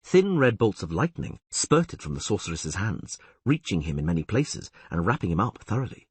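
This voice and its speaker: A man reading an audiobook aloud in a lively storytelling way, with a husky voice. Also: fairly low pitch, moderate pace, no echo. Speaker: audiobook narrator. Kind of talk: scripted audiobook narration.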